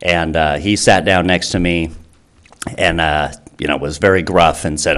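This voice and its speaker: A man's voice: a bass voice, fairly even intonation, normal speed, fairly bright tone. A man who founded a charity, speaking earnestly to a town council with many fillers and restarts. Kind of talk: public comment speech.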